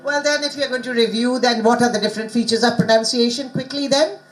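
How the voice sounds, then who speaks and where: A woman's voice: fairly high pitch, fairly even intonation, quick pace, low-quality recording. A woman who is not a native English speaker, presenting a conference workshop on pronunciation and questioning her audience. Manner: engaging, asks the audience questions. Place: conference hall.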